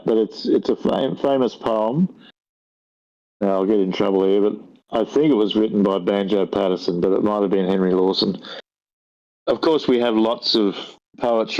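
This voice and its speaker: An older Australian man with a lowish voice talks casually and wanders through his thoughts, often stopping to correct himself. The recording is dull and lo-fi, with the top end muffled. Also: a little mellow. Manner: rambling, thoughtful, self-correcting. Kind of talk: casual conversation. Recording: dull lo-fi audio.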